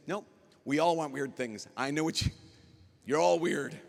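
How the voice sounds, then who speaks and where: A man, a priest speaking at a youth conference, giving a lively talk and acting out dialogue as he tells stories. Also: on the high side, moderate pace, vocal fry. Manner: animated storyteller acting out dialogue. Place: large conference hall. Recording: long hall reverb.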